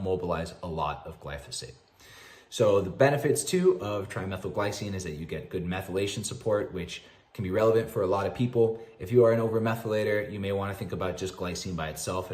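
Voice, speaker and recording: A man's voice: low-pitched, darkish tone, reverberant. A man who works as a mineral-balancing practitioner, explaining health topics in a confident, informal, matter-of-fact way. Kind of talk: explanatory health lecture to camera.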